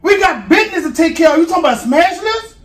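High-voiced man, loud and defensive. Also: quick pace, echoey room, far from the mic. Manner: loud, defensive, slangy and animated. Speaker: prank vlogger. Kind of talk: heated casual argument.

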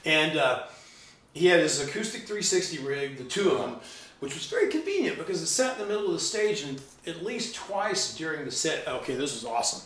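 A middle-aged man telling stories in a loose, animated way, swearing freely, in a casual chat. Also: on the high side, a little fast, echoey room, far from the mic. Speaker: guest musician.

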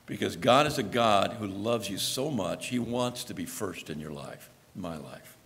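Gravelly male pastor preaching, chatty storyteller, voice jumps all over in pitch. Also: lively intonation, moderate pace, fairly bright tone, long reverb tail. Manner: conversational storytelling, acting out quoted lines. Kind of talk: sermon. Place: church.

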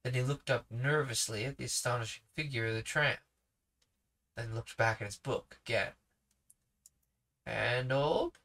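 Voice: medium pitch, steady tone, normal speed, sharp tone. A sleepy reader narrating a children's novel aloud with casual asides. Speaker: podcast reader.

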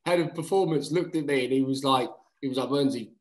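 A man's voice: medium pitch, fast talker. Guy in his 30s telling stories on a podcast, swears a lot, says mate constantly, kinda echoey room. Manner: animated storyteller, swears freely, says "mate" often. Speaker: guest, rugby player. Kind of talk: casual podcast chat. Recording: roomy echo.

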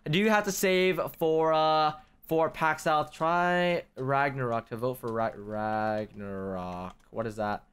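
Excitable young man narrating gameplay. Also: on the high side, clear, resonant tone. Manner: excitable, quick to rage, addresses viewers as guys. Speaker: gaming channel host. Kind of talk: casual gameplay commentary. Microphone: desk microphone.

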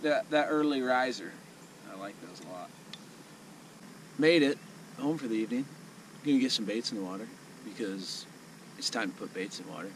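Laid-back man talking outdoors by a river. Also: medium pitch. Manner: laid-back, rambling, self-deprecating. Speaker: fishing vlogger. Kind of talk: casual self-filmed talk to camera. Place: outdoors on a river, kayak and sandbar. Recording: outdoor recording with noticeable river noise. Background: water and outdoor ambience.

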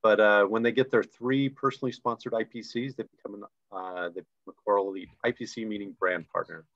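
A man's voice: on the low side, steady tone, quick pace, fairly bright tone. A man co-hosting a live online recognition event, reading names and chatting enthusiastically about ranks over a video call. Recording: dull lo-fi video call audio.

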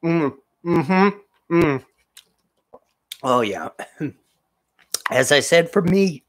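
A man's voice: mid-range voice, fairly bright tone, dry recording. Chatty man with dry close sound. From New England, USA. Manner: chatty, chuckles often, reads viewer comments aloud. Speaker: cooking livestream host. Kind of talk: casual live-stream chat while tasting food.

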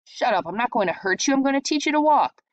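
A woman reading a story aloud and voicing an impatient older boy who bosses his little brother around with sharp demands. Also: mid-range voice, lively intonation, fast, dry recording, close to an everyday voice. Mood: demanding. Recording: dull lo-fi sound.

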